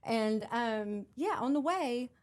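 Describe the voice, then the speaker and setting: A woman's voice: fairly high pitch, animated, takes it slowly. A woman singer with a Southern US accent, tipsy and chatting as a podcast guest, laughing often and swearing freely. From North Carolina, US. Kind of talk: casual chat.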